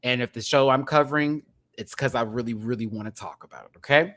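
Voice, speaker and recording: A man hosting a casual live-stream rant, chatty and rambling, with sudden bursts of high laughter. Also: quick pace, a bit bright. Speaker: YouTube commentary host.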